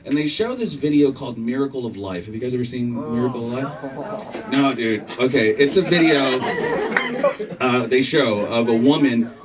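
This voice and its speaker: A man in his thirties doing a profane stand-up set on a comedy club stage, jumping into loud, shouted voices of his wife and kids. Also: medium pitch, moderate pace, crowd noise. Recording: roomy club sound from far off, audience laughter. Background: laughing club audience.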